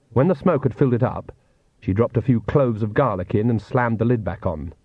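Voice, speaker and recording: A man narrating an audiobook in a measured, dry reading. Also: lowish voice, no room sound. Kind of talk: scripted narration. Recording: tinny phone-like dry recording.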